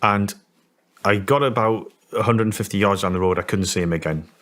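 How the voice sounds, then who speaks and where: A Scottish man in his forties, telling a story in an interview in a halting way, with many restarts. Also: fairly low pitch, fairly bright tone, a little hiss or hum. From Scotland. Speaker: interview guest.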